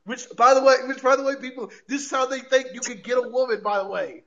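A man with a high voice chats loosely on a podcast, swearing freely and stumbling over repeated words as he gets worked up. His audio sounds dull and lo-fi, like a home recording with the top end missing. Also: quick pace. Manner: animated, profane, repeats words, laughs often. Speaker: podcast host. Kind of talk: casual wrestling recap chat.

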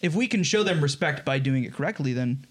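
A man's voice: fairly high pitch, expressive, fairly quick, slightly rough. A man co-hosting a podcast in casual chat, thoughtful and rambling, laughing often. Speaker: podcast co-host.

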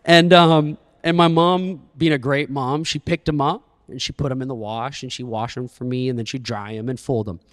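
A man's voice: mid-range voice, fairly even intonation, moderate pace, hardly any pauses, studio quality. A young man preaching a sermon, telling a story with humor and dramatic flair. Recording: echoey church hall.

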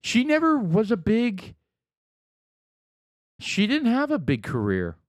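A man's voice: high-pitched, slow, no echo, studio quality. A man co-hosting a podcast, telling stories in casual chat and often mimicking other people's voices. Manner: animated storyteller, mimics voices. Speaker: podcast co-host.

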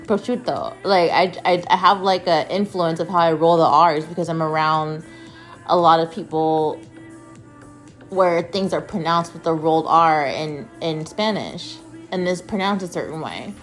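A woman in her twenties from the American Southwest, hosting a solo podcast and telling stories in an animated, chatty way, full of "like" and restarts. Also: deep voice, moderate pace, faint music behind. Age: 20s. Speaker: podcast host. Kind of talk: casual solo podcast monologue.

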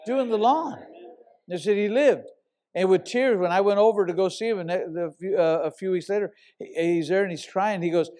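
A pastor telling a long personal story in a sermon, animated and casual, sometimes bursting into loud shouts. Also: male voice, high voice, a little fast.

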